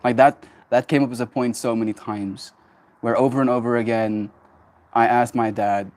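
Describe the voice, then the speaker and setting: A man in his twenties, a streamer telling a personal story in a casual livestream, emphatic and quick to laugh. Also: mid-range voice. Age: 20s. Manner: animated and emphatic, laughs often, swears.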